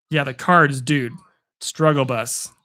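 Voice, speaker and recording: A young man from Arizona, hoarse after a long day, casually calling football play by play on a live stream and chatting with viewers, rising with excitement on big plays. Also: mid-range voice. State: hoarse, voice worn out.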